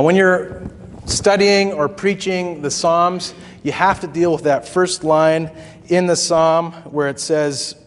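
A man preaching a sermon as pastor, conversational, with asides and small chuckles. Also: fairly high pitch. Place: church sanctuary. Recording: long reverb of a hall.

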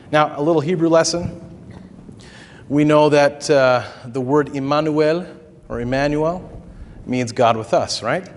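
A man's voice: fairly high pitch, unhurried, pauses often. A man preaching a sermon as pastor, conversational, with asides and small chuckles. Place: church sanctuary. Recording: long reverb of a hall.

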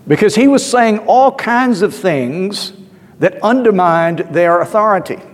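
A man's voice: high-pitched, animated, a little slow. A male pastor giving a sermon in a conversational, storytelling way, with asides and filler words. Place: church. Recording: long church reverb.

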